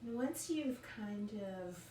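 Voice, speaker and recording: A woman leading a yoga class in a calm, encouraging way, often checking in with "right?". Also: on the high side, a little slow, a little hiss or hum. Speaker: yoga instructor. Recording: roomy echo, mic at a distance.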